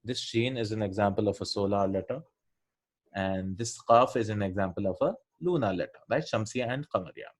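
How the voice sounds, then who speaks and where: A man's voice: lowish voice, fairly quick. A man teaching a revision lesson on Arabic letters and pronunciation, explaining step by step and often checking in with his students.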